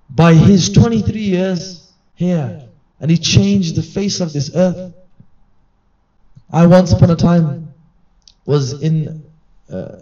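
Male religious teacher, earnest conversational sermon, mellow higher voice, miked from afar with muffled sound. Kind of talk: sermon-style reminder at a gathering. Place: gathering hall. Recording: distant mic, dull lo-fi sound.

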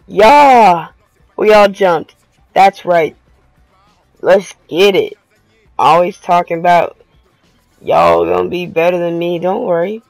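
A young man giving live, excitable commentary on his own basketball video game match, full of slangy trash talk. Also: high voice, unhurried, vocal fry, long pauses, no room sound, faint music behind, low-quality recording. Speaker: gaming video creator.

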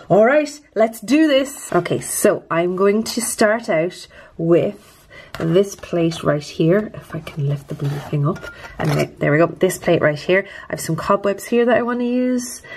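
A woman's voice: mid-range voice, a little mellow, breathy edge. A woman chatting to camera close up about her nails, nervous but upbeat and self-deprecating. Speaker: nail art vlogger. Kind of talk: casual chat to camera.

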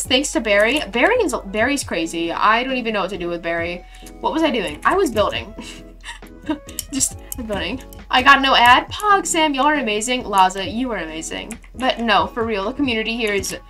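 A woman's voice: fairly high pitch, bright, forceful tone. A young woman live streamer chatting casually while building in a game, bubbly and playful, gushing thanks to her viewers.

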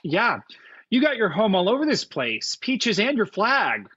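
A woman's voice: medium pitch, very animated, unhurried, a bit bright, slightly rough, dull audio, full character voice. A performer playing a blunt, defensive young male college student, awkward at first then confrontational, in a livestreamed stage play.

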